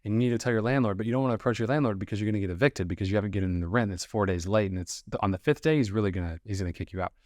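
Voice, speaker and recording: A man's voice: fairly low pitch, rapid-fire, few pauses, darkish tone, no echo, clean studio sound. A young man, an actor sharing his experiences in a rambling, self-deprecating podcast monologue, acting out bits of dialogue.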